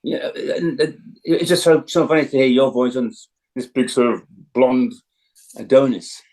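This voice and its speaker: A Yorkshire man in his seventies, a veteran actor, chats through anecdotes as an interview guest in a casual conversation. His voice is medium-pitched and a little mellow, moving at a moderate pace, and the recording quality is low.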